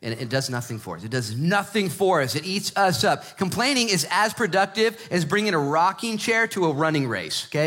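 A pastor in his thirties or forties, with a slightly high voice, preaches a sermon in a chatty, joking style. He drops to hushed emphasis, then builds into loud, excited stretches.

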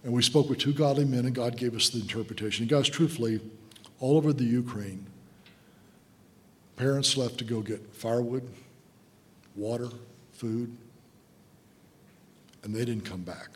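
A man's voice: medium pitch, moderate pace, pauses often, darkish tone. A man in his sixties preaching a sermon, telling an emotional story and calling the listeners guys. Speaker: guest preacher. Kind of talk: sermon testimony. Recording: long hall reverb.

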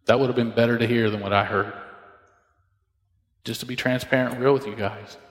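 A man's voice: mid-range voice, fairly even intonation, fairly quick. Preacher man in an echoing hall. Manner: storytelling, acts out dialogue with shifting voices. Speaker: pastor. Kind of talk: sermon. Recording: echoey hall with long reverb.

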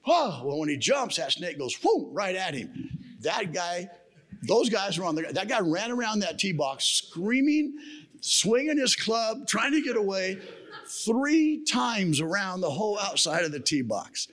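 A man's voice: high-pitched, animated, unhurried, fairly bright tone. A man preaching a sermon at a men's camp, telling stories in a folksy way with humorous asides. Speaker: camp speaker.

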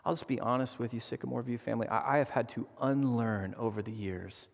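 A man in his thirties preaching a sermon as a guest pastor, earnest and animated as he tells stories, often restarting his sentences. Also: medium pitch, fairly quick, creaky, big-room sound.

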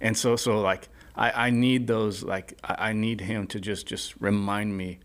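A man who is a podcast guest, speaking earnestly about his faith in a halting way, with lots of fillers and restarts. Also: lowish voice, fairly even intonation, a bit bright. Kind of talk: casual faith conversation.

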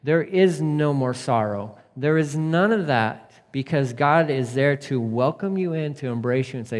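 A man preaching a casual, conversational sermon, moving from emphatic points to hushed, tender passages. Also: medium pitch, a little slow, few pauses. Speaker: pastor. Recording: long reverb of a hall.

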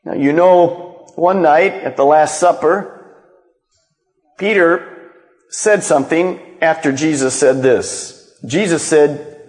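A man's voice: fairly high pitch, slow pace, pauses often. A male pastor preaching a sermon as a dramatic storyteller who acts out the quotes. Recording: long reverb of a large hall.

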